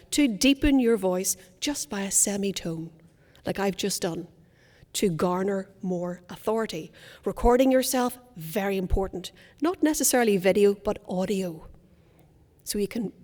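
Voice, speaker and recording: A woman speaking coach giving a conference workshop, enunciating crisply with theatrical emphasis. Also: medium pitch, a little mellow. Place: conference hall. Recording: long hall reverb.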